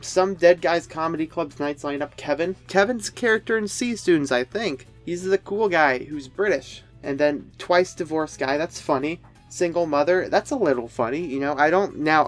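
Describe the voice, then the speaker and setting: A man with a somewhat high voice giving sarcastic commentary on a video. He rambles, restarts his sentences and throws in snarky asides. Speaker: commentary youtuber.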